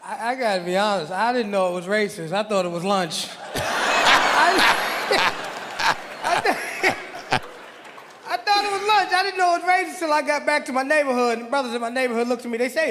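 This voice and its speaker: A man's voice: very high-pitched, expressive, moderate pace, pauses often. A man telling a story on stage in an easygoing way, chuckling as he goes. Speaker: comedian's friend telling a story. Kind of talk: stand-up storytelling. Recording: live hall with reverb and noise.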